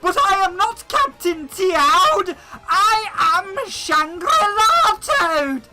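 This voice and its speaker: A man voicing a squeaky, shrill male mushroom sidekick who shouts over the top. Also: big pitch swings, extremely slow, over loud music, full character voice. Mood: boastful.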